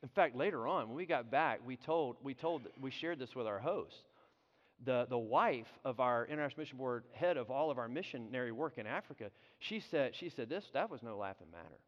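A man preaching a sermon, telling a story in an animated way, often repeating and restarting his words. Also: medium pitch, fairly quick. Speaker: pastor. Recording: dull sound with long hall reverb.

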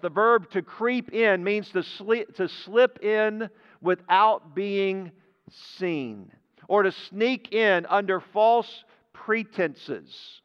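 High smooth-voiced guy preaching, slow and emphatic, dull recording with long church reverb. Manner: deliberate, emphatic preaching that drops low at phrase ends. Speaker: pastor. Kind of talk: sermon. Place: church sanctuary.

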